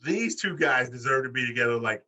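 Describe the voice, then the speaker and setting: A man co-hosting a wrestling podcast in casual chat, profane and animated, acting out quotes in high voices. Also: fairly quick, far from the mic, lo-fi sound. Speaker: podcast co-host.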